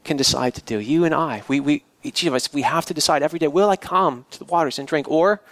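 A male pastor from a rural area preaches a sermon in a slightly high, fairly bright voice at a fast pace, with no room sound. He talks conversationally, with restarts and asides.

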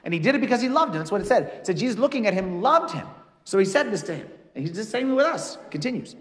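A man, a priest, giving a lively, conversational sermon with casual asides in a church. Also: high-pitched, quick pace, long reverb tail.

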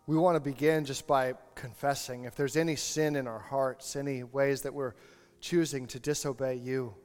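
A man's voice: mid-range voice, steady tone, moderate pace, a little mellow. A male pastor preaching a sermon, telling a story and building to impassioned appeals. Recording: long hall reverb, faint music.

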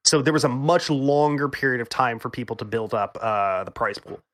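Male podcast host, mid-pitched, halting delivery with frequent ums, teasing. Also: a bit bright. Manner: hesitant, lots of ums, teasing. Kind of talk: casual gaming news chat.

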